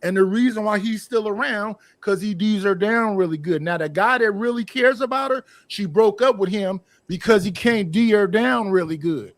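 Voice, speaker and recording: High-pitched man arguing with emphasis. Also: moderate pace, hardly any pauses, no echo. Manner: emphatic, provocative, teasing. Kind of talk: casual podcast debate.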